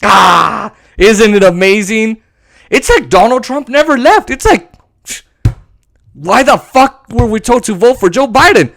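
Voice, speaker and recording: A man's voice: high voice, unhurried, vocal fry. A man hosting a podcast, delivering sarcastic, profane political rant commentary. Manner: sarcastic, profane, animated ranting. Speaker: podcast host.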